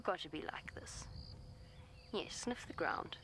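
Soothing woman safari guide, lowish voice. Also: slow pace, gravelly, a bit bright, slight background noise. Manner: coaxes the elephant in a soothing, pleading voice; explains animal behavior matter-of-factly. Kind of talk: live commentary to camera. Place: outdoors in a safari vehicle.

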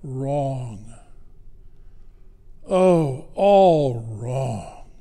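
A man's voice: mid-range voice, animated, extremely slow, dark tone, full character voice. A man voicing a sulky teenage girl who sighs and whines, in a reverberant hall. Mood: sighing. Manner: sighing, whining delivery.

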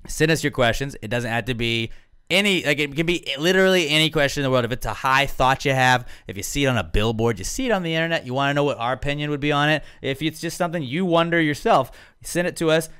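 A man's voice: a little high, quick pace, bright, forceful tone, clear, resonant tone. A man hosting a podcast, reading listener questions and joking around in casual chat. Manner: joking, upbeat banter. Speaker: podcast host.

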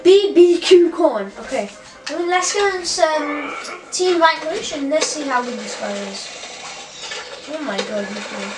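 A woman giving excitable live gameplay commentary as a channel host, full of sudden exclamations. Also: sits high. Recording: roomy, distant mic, loud game noise.

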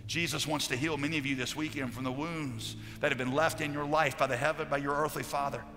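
A man preaching a sermon as a pastor, passionate, moving from loud declarations to hushed storytelling. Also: on the high side, steady tone, fast. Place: large conference hall. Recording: live hall recording with long reverb and faint music.

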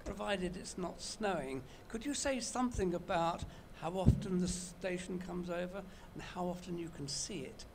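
Gravelly man from Maryland asking a question. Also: high-pitched, normal speed, few pauses, noisy background. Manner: precise and matter-of-fact. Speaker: audience member asking a question.

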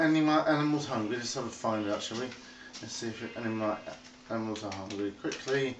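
Man narrating a casual game tour, slow and rambling, recorded on a distant, echoey phone mic. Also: medium pitch, a little hiss or hum. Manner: rambling, chatty, talks to animals in a playful sing-song. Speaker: video game tour guide.

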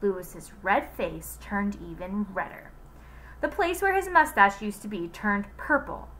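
A woman reading a children's book aloud in an expressive, unhurried way. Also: medium pitch, a little hiss or hum, low-quality recording.

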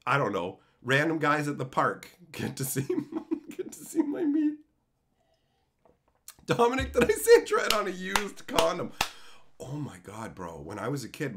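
On a live stream, a medium-pitched Canadian man in his thirties rants crudely, bragging and swearing without restraint. He veers between loud outbursts and mumbles.

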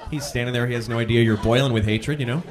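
A man performing a stand-up comedy routine, telling exasperated stories and bursting into shouted acted-out lines. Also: medium pitch, fairly even intonation, fast talker, background noise. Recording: live club with laughing crowd.

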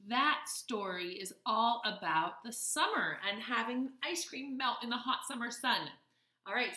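A woman's voice: fairly high pitch, reverberant. A young woman reading a picture book aloud to children in a teacherly manner. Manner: slow, lively, teacherly. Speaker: children's story reader.

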